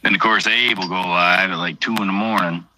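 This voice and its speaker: Solo livestreamer, rambling and crude, fairly low voice with a bright, cutting edge. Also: male voice, steady tone, brisk, slight background noise, rough recording. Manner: rambling, heavy swearing, offhand. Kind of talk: casual late-night livestream chat while drinking.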